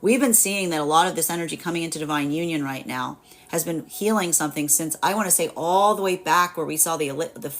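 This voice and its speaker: A woman's voice: fairly low pitch, a bit bright. A young woman giving a live tarot reading, rambling with many fillers and frequent laughs. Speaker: tarot reader.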